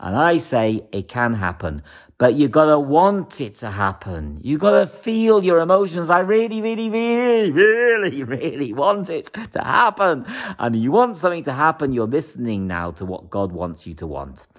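Male astrologer, animated monologue, higher-pitched, laughs between points. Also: normal speed. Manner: emphatic, repetitive, laughs often. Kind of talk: monologue horoscope reading.

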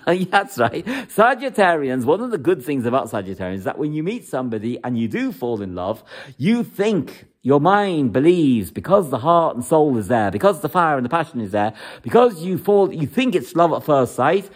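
A man giving astrology forecasts for each star sign in an emphatic way, repeating phrases to drive his points home. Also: medium pitch. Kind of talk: horoscope forecast talk.

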